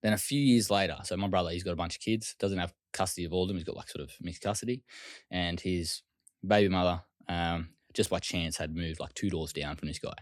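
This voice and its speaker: Casual Australian male guest; low voice, dry close sound, loose rapid delivery with swearing. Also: dry recording. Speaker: interview guest. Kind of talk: casual storytelling interview.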